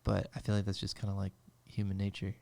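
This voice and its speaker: A man who runs a business and has employees, calmly reflecting on ownership in a podcast chat. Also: low-pitched, quick pace, creaky, dry recording. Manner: thoughtful, steady, reflective. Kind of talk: casual podcast conversation.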